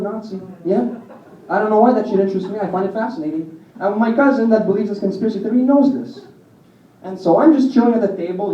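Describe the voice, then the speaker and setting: A man's voice: high-pitched, warm tone. A young man doing a stand-up set, telling crude rambling stories, recorded from far off in a small venue. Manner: crude, rambling storytelling with audience laughs. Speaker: stand-up comic. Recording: distant roomy lo-fi club recording. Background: audience laughter.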